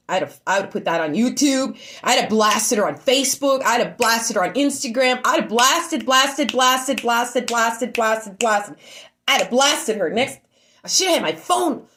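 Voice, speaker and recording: A woman streaming casually to her online group, shaken, repeating herself, swinging from loud outbursts to low murmurs. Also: animated, normal speed, slight background noise. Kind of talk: emotional casual storytelling.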